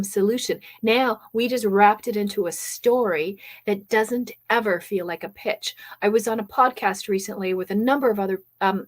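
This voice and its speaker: Energetic woman coaching a live workshop. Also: medium pitch. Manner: energetic, many fillers and "okay?" check-ins; reads and answers live chat comments. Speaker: business coach and workshop host. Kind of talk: live online workshop teaching.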